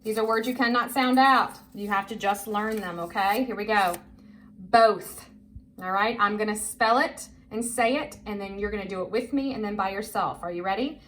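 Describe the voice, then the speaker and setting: A woman's voice: mid-range voice, normal speed, a bit bright, a little hiss or hum. A woman teacher leading a children's reading lesson, patient and encouraging, spelling words out letter by letter.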